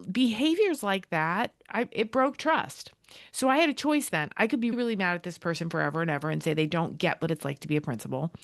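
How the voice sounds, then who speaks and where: A woman's voice: on the low side, no echo, studio quality. A middle-aged American woman, a school leader, talking as a podcast guest and acting out quoted dialogue in her stories. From United States. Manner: animated storyteller, acts out quoted dialogue. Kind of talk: casual interview talk.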